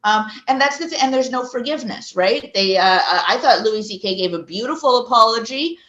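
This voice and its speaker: A woman's voice: fairly high pitch, expressive, a bit bright. A woman co-hosting a podcast in casual chat, outspoken and argumentative. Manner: outspoken, argumentative, talks in quick runs. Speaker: podcast co-host. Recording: echoey, dull-sounding room.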